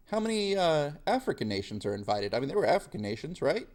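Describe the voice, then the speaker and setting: A man's voice: a little high, very animated, fast, darkish tone. A young man teaching history in a casual, slangy lecture, sarcastic and acting out quoted voices.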